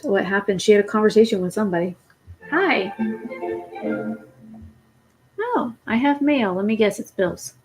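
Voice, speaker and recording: Woman game streamer, tired late-night chatter, loose and rambling, mid-pitched voice. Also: darkish tone, breathy edge. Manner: rambling, swears casually. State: sleepy, yawning late at night. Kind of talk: casual gameplay chat.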